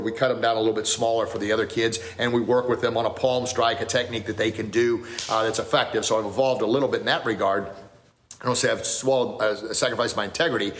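A middle-aged man, a martial arts school owner hosting a podcast, tells a personal story in a rambling, earnest way with many restarts. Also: fairly low pitch. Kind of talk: casual storytelling.

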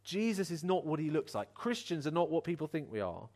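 A man preaching a sermon with a fairly high voice that rises and falls widely. He speaks earnestly and encouragingly, and he brings his points to life by acting out the voices in his stories. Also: fairly quick. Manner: animated, acts out voices in a story.

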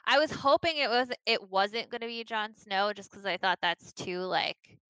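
A woman in casual chat about a TV episode, relaxed and giggly, saying "like" a lot. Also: mid-range voice, moderate pace, clean tone, no echo, low-quality recording. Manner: casual, giggly, uses "like" often.

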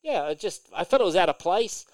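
A man's voice: high voice, animated, brisk, no echo, low-quality recording. A man co-hosting a podcast in casual chat, opinionated and swearing now and then. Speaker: podcast co-host.

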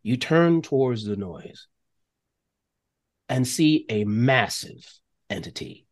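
Man, game master, tabletop narration, middle pitch, animated, descriptive, lots of fillers. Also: takes it slowly.

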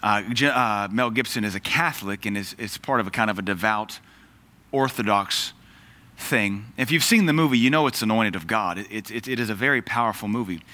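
A man's voice: on the low side, brisk, pushed and bright. A man preaching a sermon in an earnest, emphatic way, quoting scripture.

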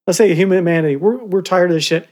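A man's voice: sits high, quick pace, darkish tone. An older man co-hosting a podcast in casual chat, rambling, swearing freely and restarting his sentences often. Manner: rambling, profane, with frequent restarts. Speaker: podcast co-host.

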